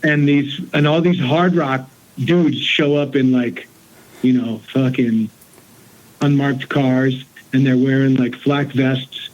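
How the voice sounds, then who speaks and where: A man's voice: medium pitch, takes it slowly, muffled recording. A man telling a story on a casual podcast, cursing freely and acting out what other people said. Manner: profane, animated, acts out other people's lines. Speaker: call-in guest.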